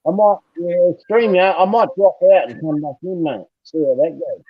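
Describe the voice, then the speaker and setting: A man's voice: high voice, moderate pace, no room sound. A man with an Australian accent, a guest on a live stream, rambling and swearing casually. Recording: muffled audio over a call.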